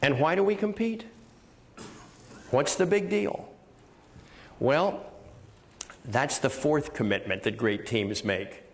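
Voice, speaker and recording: An older man giving a keynote as a motivational speaker, an energetic storyteller who hammers points home with punchy repetition. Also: mid-range voice, slow pace, pauses often, in a large hall. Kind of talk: keynote speech.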